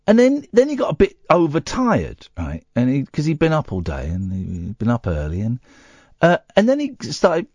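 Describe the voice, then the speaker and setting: A man hosting a late-night phone-in radio show, telling rambling, animated stories. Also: medium pitch, no room sound. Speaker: radio talk show host. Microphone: studio microphone.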